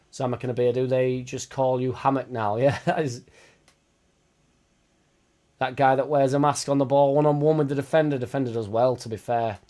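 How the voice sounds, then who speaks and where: A man's voice: medium pitch, steady tone, moderate pace, darkish tone. Swearing Yorkshire man on a livestream. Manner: blunt, swearing, chatty banter. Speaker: livestream host. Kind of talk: casual watchalong chat.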